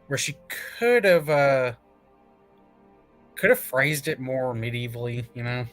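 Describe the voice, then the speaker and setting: A man hosting a casual comic review chat, excitable, laughing often and swearing casually. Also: mid-range voice, a little slow, soft background music.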